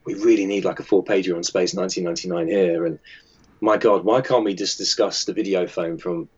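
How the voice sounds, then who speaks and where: A man with a very deep voice talks through his work in a casual interview. He rambles along with lots of ums and false starts. The recording is dull and lo-fi. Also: steady tone, brisk, darkish tone, breathy edge. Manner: chatty and hesitant, with many fillers and restarts. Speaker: magazine editor and designer.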